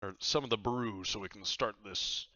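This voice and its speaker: A man's voice: lowish voice, moderate pace, bright, forceful tone, no echo, muffled recording. A man voicing a boisterous, jovial male pirate captain in a tabletop role-playing game.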